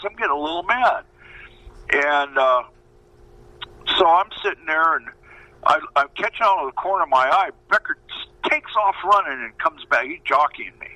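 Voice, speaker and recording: A man in his seventies, a former pitcher, telling a story animatedly in a radio interview, acting out other people's voices. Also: rough recording. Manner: lively storyteller, acts out quoted voices. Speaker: former baseball pitcher, guest.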